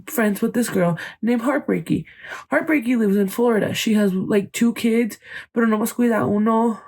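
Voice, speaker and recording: A woman's voice: medium pitch, a little mellow. Chatty young woman telling gossip. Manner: chatty, swears, mixes in Spanish phrases, acts out quotes. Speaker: podcast host. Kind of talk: casual gossip storytelling.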